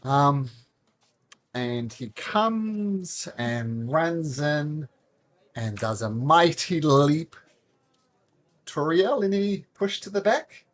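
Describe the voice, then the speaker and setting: A man narrating a tabletop game as game master, animated and laughing, with many restarts. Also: a little high, very slow, long pauses.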